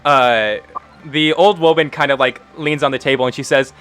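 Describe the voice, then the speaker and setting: A man's voice: mid-range voice, fairly quick, fairly bright tone, soft background music. Laid-back male game master. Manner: laid-back, chatty with filler. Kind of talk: narrating a tabletop game.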